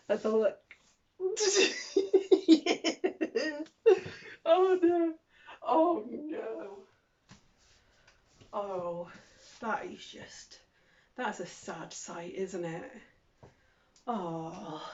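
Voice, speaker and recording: A British woman chats through a clothing try-on haul, exclaiming and making fun of herself as she goes. Her voice is a little husky and she speaks at an unhurried pace. The recording sounds slightly dull, as if picked up by the camera's own mic. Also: mid-range voice, a little mellow. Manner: chatty, exclaiming, self-deprecating. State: out of breath. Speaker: vlogger.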